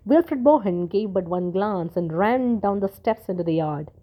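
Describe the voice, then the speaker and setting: A woman narrating a story in a steady, measured reading voice. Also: mid-range voice. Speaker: audiobook narrator.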